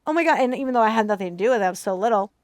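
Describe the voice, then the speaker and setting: A woman co-hosting a movie reaction, telling a personal story in casual chat, animated and emotional, acting out the voices of people she quotes. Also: medium pitch, racing, no echo, studio quality.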